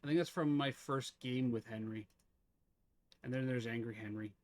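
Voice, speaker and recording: A man's voice: medium pitch, moderate pace. A man streaming a game live, chatting casually with viewers, teasing them and laughing often.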